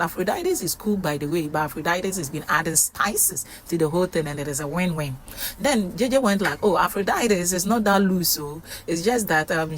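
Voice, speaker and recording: A woman's voice: fairly low pitch, slight background noise. A woman recapping a reality show in casual, chatty storytelling, with frequent fillers.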